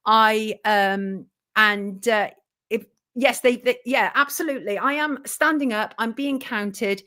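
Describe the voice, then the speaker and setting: A woman's voice: a little high, slow pace. A woman hosting a livestream, reading viewer comments aloud and answering them bluntly. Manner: blunt and self-declared belligerent, thanking viewers warmly. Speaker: journalist and show host.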